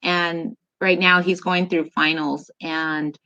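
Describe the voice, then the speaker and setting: A woman in her forties, a mother talking as a guest in a casual interview, telling family stories in an animated way with laughs. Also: lowish voice, slow, clear, resonant tone, muffled recording. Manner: warm, animated storytelling with laughs.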